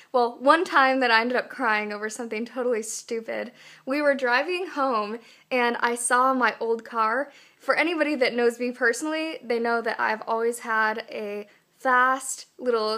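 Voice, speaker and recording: A woman's voice: a little high, a bit bright. A young woman talking candidly in a casual personal vlog, chatty and full of fillers. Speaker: vlogger.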